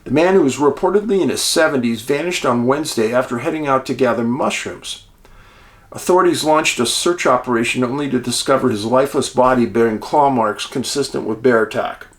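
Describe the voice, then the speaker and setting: A show host delivers a casual monologue, talking folksy and chatty straight to his viewers and treating them as friends. His voice is mid-range and a little fast.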